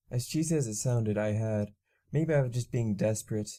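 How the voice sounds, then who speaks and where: Mellow-voiced male narrator reading a story. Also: medium pitch, normal speed. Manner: steady first-person storytelling. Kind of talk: audiobook reading of fan fiction.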